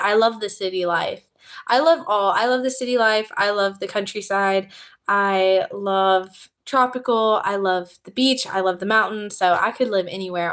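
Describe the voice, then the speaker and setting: A woman's voice: medium pitch, a bit bright. A young woman from the American South with a Southern accent, chatting casually on a livestream and thanking viewers for subscribing. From Southern United States. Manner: chatty and upbeat, reading out viewer comments and thanking new subscribers. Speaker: YouTuber hosting a livestream.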